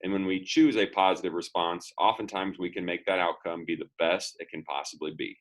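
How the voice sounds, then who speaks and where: Upbeat male speaker with a lowish voice, delivering a motivational lesson with a story. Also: fairly even intonation, brisk, low-quality recording. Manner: upbeat, acts out quoted dialogue.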